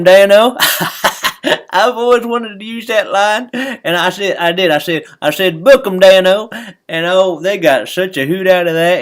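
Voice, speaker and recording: A man's voice: fairly high pitch, fairly bright tone. Folksy older man telling a funny story. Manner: folksy, drawling storyteller, laughs at own jokes. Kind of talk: folksy comedic monologue.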